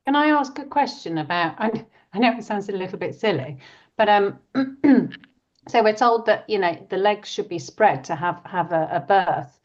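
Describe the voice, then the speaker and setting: A woman's voice: mid-range voice, animated, normal speed, darkish tone, lo-fi sound. A woman in a casual group discussion, asking a question tentatively.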